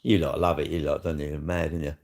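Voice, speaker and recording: A man's voice: very deep voice, level tone, a little fast, a little mellow, slight background noise. A middle-aged man with a South East London accent, chatting casually on a live stream in a blunt, sweary, rambling way.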